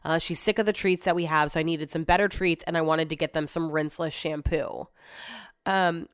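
A woman's voice: lowish voice, smooth, no echo, studio quality. A woman hosting a podcast from home, talking in a rambling, casual way and swearing freely. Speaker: podcast host. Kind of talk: casual solo chat.

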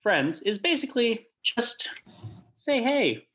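A man's voice: very high voice, very animated, slow pace, a bit bright. A man co-hosting a church podcast in casual chat, upbeat and chatty with many fillers. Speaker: podcast co-host.

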